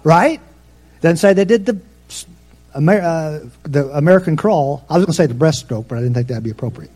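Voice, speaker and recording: Conversational preacher man, slightly high voice. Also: animated, brisk, mellow, faint music behind. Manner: conversational storytelling with asides to the congregation; rises in pitch and force for emphasis. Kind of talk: sermon.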